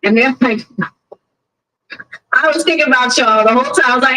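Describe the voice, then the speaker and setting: A woman's voice: high-pitched, moderate pace, long pauses, rough recording. A woman hosting a casual live stream. She chats with viewers and tells stories, acting out the people she quotes. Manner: chatty, animated storyteller who acts out quotes. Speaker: live stream host covering a trial.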